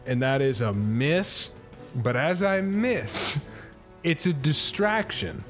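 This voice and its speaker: A man playing a tabletop game, describing his character's actions quickly and playfully. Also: on the high side, big pitch swings, a bit bright, faint music behind. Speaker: player.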